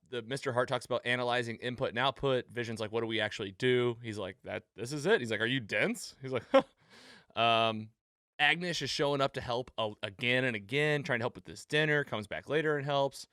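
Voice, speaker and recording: A man hosting a casual recap chat, retelling scenes with animated quotes. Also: mid-range voice, clear, resonant tone, no room sound, studio quality. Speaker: podcast host.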